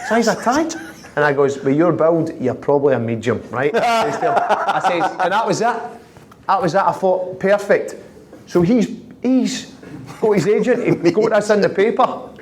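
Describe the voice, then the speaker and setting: A man's voice: a little high, noisy background. A Scottish man in his thirties with a Glasgow accent, telling stories in an interview, chuckling and acting out other people's lines. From Scotland. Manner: lively, chuckling, acts out others' lines in quick quoted voices. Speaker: professional footballer, guest. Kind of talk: anecdotal storytelling in an interview. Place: office high in a city tower.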